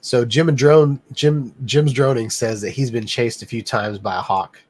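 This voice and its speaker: A man hosting a casual live stream, rambling and filling pauses with lots of "um.". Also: mid-range voice, steady tone, a little mellow, a little hiss or hum. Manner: rambling, many "um" fillers. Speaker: livestream host.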